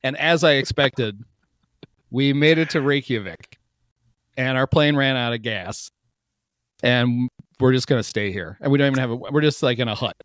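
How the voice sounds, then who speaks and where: A man's voice: medium pitch, normal speed, a bit bright, dry recording, studio quality. Joking, rambling podcast host, a man. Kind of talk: casual sports chat.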